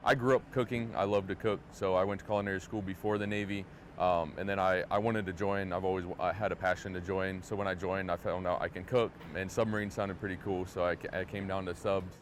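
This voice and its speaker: A man's voice: sits low, little pitch movement, quick pace, a little hiss or hum. A man, a Navy cook, talking casually aboard a submarine, with lots of "like" and restarts. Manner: casual, filler-heavy talk with frequent "like" and restarts. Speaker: Navy culinary specialist. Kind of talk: interview answers.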